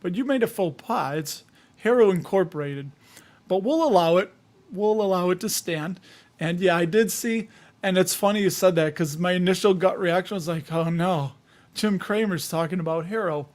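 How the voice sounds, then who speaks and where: A man's voice: sits high, normal speed, darkish tone. A man from the Chicago area hosting a casual livestream, reading viewer comments in a jokey, rambling way with frequent chuckles.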